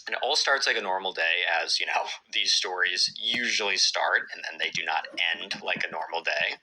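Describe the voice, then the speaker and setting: A man with a lowish but very bright, forward voice tells a story in casual podcast chat. He is animated and slips into voices for each of the characters in the story. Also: moderate pace, a little hiss or hum, poor audio. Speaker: podcast host telling a story.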